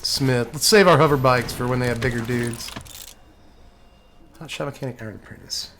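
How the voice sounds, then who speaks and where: Here a streamer with a mid-range voice comments at normal speed on the online card game he's playing, over a little hiss or hum. He talks to himself and to the game in an animated way, and bad plays set off exasperated rants.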